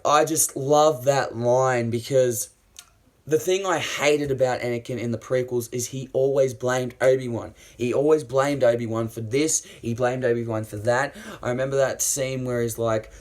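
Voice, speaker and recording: A man's voice: medium pitch, darkish tone. A man reviewing a series in a casual, enthusiastic, rambling way, swearing often and using many fillers.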